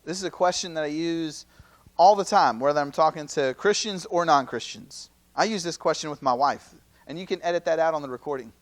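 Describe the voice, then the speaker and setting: A campus minister in his thirties giving a conversational teaching talk at a youth seminar, full of rhetorical questions and quick acted-out quotes. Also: fairly high pitch. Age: 30s. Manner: acts out quoted speakers in lively asides.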